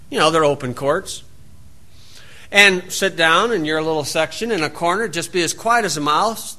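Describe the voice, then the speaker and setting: A man's voice: high-pitched, bright, forceful tone. A man preaching a sermon, reading scripture aloud and breaking in with folksy, sarcastic asides. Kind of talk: sermon, Bible reading with commentary.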